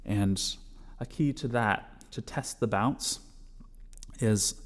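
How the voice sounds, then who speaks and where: A man teaching a bodhrán class, patiently explaining strokes step by step and calling them out loudly as he plays. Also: lowish voice, slow pace. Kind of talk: music lesson, counting along with drumming.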